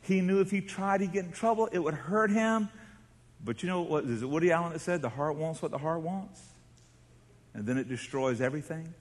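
Pastor guy preaching, kinda high voice, big hall echo, goes quiet then loud. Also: animated, fairly quick. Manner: dramatic storytelling, swings from hushed to shouting. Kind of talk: sermon. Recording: long reverb of a large hall.

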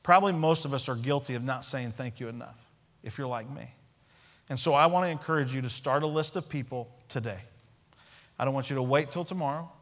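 A man's voice: mid-range voice, brisk, fairly bright tone. A man preaching a sermon as pastor, emphatic, repeating key phrases and asking rhetorical questions.

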